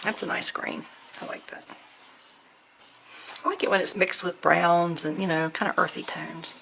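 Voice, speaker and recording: A woman chatting through an unboxing, gushing softly and at times dropping to a near whisper. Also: fairly low pitch, steady tone, normal speed, creaky, noisy background. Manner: gushing, soft-spoken, often near a whisper. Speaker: crafting vlogger. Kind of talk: unboxing chat.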